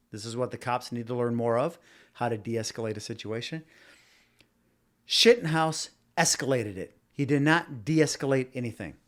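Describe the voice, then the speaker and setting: Rambling, argumentative male podcast host. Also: medium pitch. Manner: rambling, repeats and restarts words, argumentative; talks directly to live viewers. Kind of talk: casual opinion monologue.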